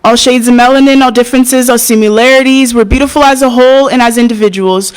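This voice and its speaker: A young woman performing spoken word poetry at an open mic, hesitant and soft-spoken between poems, passionate when she recites. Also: on the high side, steady tone, fast talker, smooth, poor audio. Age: young adult.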